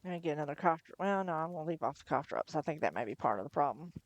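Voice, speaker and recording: A woman reading a novel aloud on a livestream in first person, chatty between chapters, her voice going hoarse. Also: low-pitched, lively intonation, very fast, no room sound. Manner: chatty, laughs between asides. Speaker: livestream storyteller.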